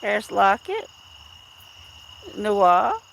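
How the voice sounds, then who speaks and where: A woman's voice: medium pitch, sing-song, very slow, gravelly, a bit bright, a little hiss or hum. A middle-aged woman chatting on a casual outdoor live stream, rambling and greeting viewers by name. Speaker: livestream host.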